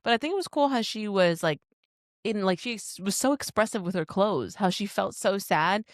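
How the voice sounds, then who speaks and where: A woman co-hosting a podcast in casual book chat, animated, often acting out characters' lines and swearing freely. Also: medium pitch, normal speed, no room sound, clean studio sound. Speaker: podcast co-host.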